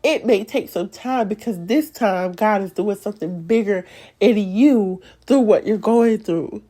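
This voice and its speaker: A young woman hosts a faith podcast, offering an emotional, encouraging devotional talk with preacher-like repetition. Her medium-pitched voice is warm and a little slow.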